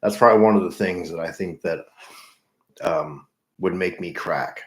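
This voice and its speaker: A middle-aged man chatting with livestream viewers, earnest and halting, often repeating himself. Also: deep voice. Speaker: livestream host in recovery. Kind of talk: casual livestream chat with viewers. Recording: echoey room.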